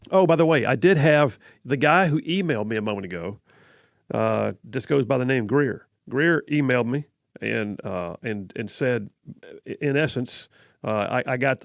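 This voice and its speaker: Gravelly Southern radio host, laughing easily. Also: male voice, mid-range voice, dry recording, studio quality. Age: middle-aged. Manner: rambling, chuckling, self-correcting. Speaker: radio talk show host. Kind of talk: casual live call-in radio chat. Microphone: studio microphone.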